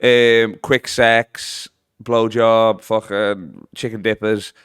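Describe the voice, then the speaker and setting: Dude guesting on a podcast, swears nonstop, goes off on crude stories, nice smooth voice. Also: male voice, fairly low pitch, fairly even intonation, slow pace, a bit bright, dry recording, studio quality. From Britain. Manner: crude rambling storyteller, swears a lot, laughs often. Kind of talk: casual chat.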